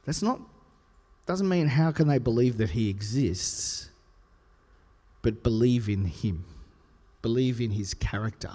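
Playful preacher in a reverberant hall. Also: male voice, lively intonation, unhurried, warm tone, breathy edge. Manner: conversational, playful, builds to emphatic highs. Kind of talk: sermon.

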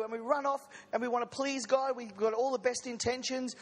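A man delivers a sermon in a fairly high voice. He keeps it conversational and throws in light jokes to his listeners. The sound carries the long reverb of a church hall. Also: fairly even intonation, brisk. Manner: conversational, with joking asides to the congregation. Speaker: preacher. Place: church service.

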